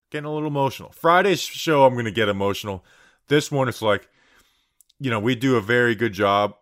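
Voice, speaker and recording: A man's voice: on the low side, fairly bright tone. A man hosting a sports podcast, chatting casually and rambling a little with fillers. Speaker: podcast host.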